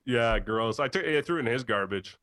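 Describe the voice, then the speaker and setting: A man, hosting a late-night tech podcast, telling a story in a casual, animated way with frequent laughs. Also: mid-range voice, brisk, no room sound. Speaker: podcast host, computer repair tech.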